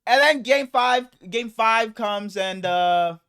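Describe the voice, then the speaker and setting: High-voiced young man talking sports. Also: slow pace, clear, resonant tone. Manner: laughing, swearing, excited sports talk. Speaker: podcast co-host. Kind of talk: casual chat.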